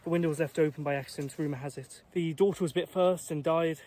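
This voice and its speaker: A man's voice: a little high, fairly even intonation, fast talker, mellow. A British man vlogging outdoors on a jungle island, muttering anxiously to himself and sometimes whispering. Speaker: travel vlogger. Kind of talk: vlog narration while trekking. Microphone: handheld camera or phone.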